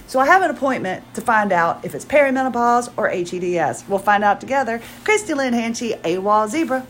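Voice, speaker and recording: A woman's voice: on the high side, animated, quick pace, few pauses, fairly bright tone, slight background noise, low-quality recording. A woman in her forties hosting her own podcast, talking in a chatty, rambling way, often restarting her sentences and acting out quotes. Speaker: podcast host. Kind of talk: casual solo podcast chat.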